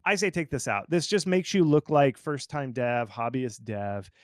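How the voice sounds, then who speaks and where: A man who is a game marketing consultant, giving casual, animated advice full of "like" fillers. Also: medium pitch, moderate pace, no echo, clean studio sound. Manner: animated and informal, lots of fillers like "like". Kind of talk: conversational expert commentary.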